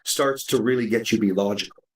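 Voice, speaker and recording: A podcast host chatting casually and animatedly, swearing now and then. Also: male voice, on the low side, fast talker. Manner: animated, acts out quoted dialogue, swears casually. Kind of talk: casual chat. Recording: roomy sound from a distance.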